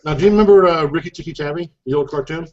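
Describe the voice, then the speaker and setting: A man's voice: a little high, racing, a little mellow, highs cut off. A man co-hosting a casual live chat over an online call, chatty and loose, with lots of fillers. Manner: chatty, laughs often, many fillers. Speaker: co-host of a live chat show.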